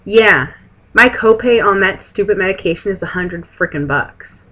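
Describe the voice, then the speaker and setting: A woman's voice: medium pitch, moderate pace, bright, forceful tone, poor audio. A young woman, chatting frankly to camera at a friend's house, rambling with sarcastic asides. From Texas. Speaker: vlogger. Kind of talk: casual chat to camera.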